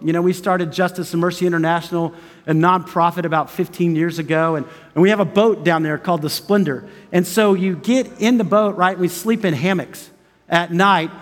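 High-voiced middle-aged male pastor preaching. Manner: conversational and earnest, storytelling with asides. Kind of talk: sermon. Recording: long hall reverb with faint music.

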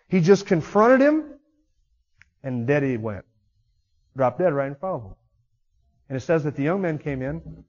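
A man's voice: a little high, darkish tone. Emphatic male preacher in an echoing hall. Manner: emphatic, rising and dropping sharply in volume. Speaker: pastor. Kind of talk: sermon. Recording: muffled sound with long hall reverb.

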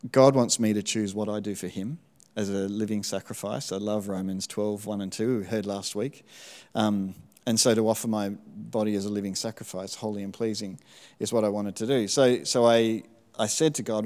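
A middle-aged man giving a sermon testimony in church, telling his story in a relaxed, self-deprecating way with frequent ums. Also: fairly low pitch, normal speed, long reverb tail. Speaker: church speaker sharing testimony.

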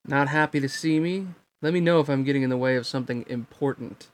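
A man's voice: mid-range voice, quick pace, close to an everyday voice. A resentful teenage swordsman in a storybook reading, cold and taunting, his words edged with bitterness, as a man reads him. The voice stays close to a plain adult male reading voice. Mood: bitter, taunting.

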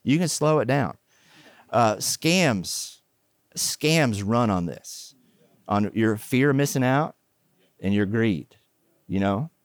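A man's voice: mid-range voice, slow pace, long pauses, no room sound. Middle-aged male pastor, casual sermon, playful asides, close dry mic. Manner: joking, animated asides, chatty fillers. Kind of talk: conversational sermon with humor.

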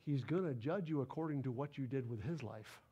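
A man preaching a sermon, animated and emphatic, repeating words for stress. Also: medium pitch, a little fast, breathy edge, lo-fi sound. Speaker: pastor.

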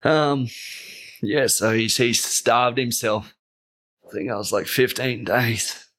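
A man's voice: medium pitch, takes it slowly, a bit bright. A young Australian man from the Northern Territory, telling a heartfelt story in a casual interview, choked up, rambling with many fillers. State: choked up, voice catching. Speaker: guest.

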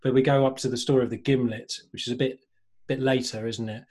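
Halting man chatting about drinks. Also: mid-range voice, steady tone, a crowd in the background. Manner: halting, stumbles over words. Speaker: co-host. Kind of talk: casual podcast chat.

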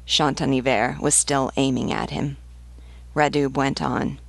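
A woman teacher reading a novel aloud in a measured, steady way. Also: very deep voice, vocal fry, dry recording.

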